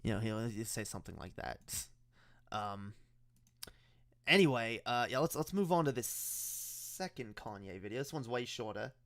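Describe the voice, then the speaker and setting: A man's voice: medium pitch, expressive, moderate pace, fairly bright tone, no room sound, studio quality. Stammering sarcastic man with an odd accent. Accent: unusual mixed accent. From Canada. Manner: stammering, sarcastic, laughs often, swears. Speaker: commentary video host. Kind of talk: sarcastic reaction commentary.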